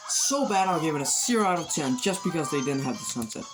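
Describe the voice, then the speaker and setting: A man's voice: on the high side, animated, quick pace, rough recording. A man giving casual, rambling commentary over gameplay, often unsure and sometimes mock-outraged. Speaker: gaming video creator. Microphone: phone. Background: video game music.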